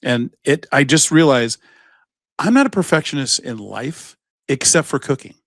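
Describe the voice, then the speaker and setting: A man's voice: medium pitch, animated, moderate pace, vocal fry, a bit bright, no echo. A man co-hosting a podcast in a studio, telling a rambling story in casual chat, with plenty of swearing. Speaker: podcast co-host.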